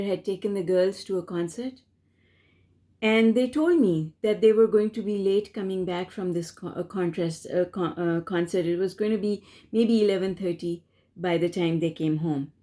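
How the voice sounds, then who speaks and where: Woman, spiritual teacher; mellow, unhurried, gentle storyteller. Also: mid-range voice. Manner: gentle, measured and earnest. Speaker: spiritual teacher answering a viewer question. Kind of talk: reflective personal storytelling.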